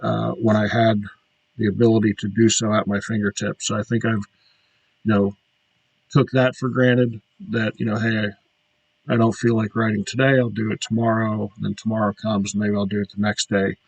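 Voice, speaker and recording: A man hosting his podcast, talking through a reflective solo monologue with frequent pauses and fillers. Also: fairly low pitch, level tone, vocal fry, slightly rough, dry recording, poor audio. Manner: reflective, halting with many fillers. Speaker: podcast host.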